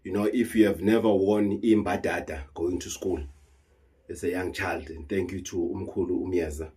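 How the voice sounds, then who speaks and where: Talking to camera with emotion and earnestness, a South African man who works as a traditional healer repeats himself heatedly and drops in Zulu phrases. He has a low, warm, husky voice with fairly even intonation and a moderate pace.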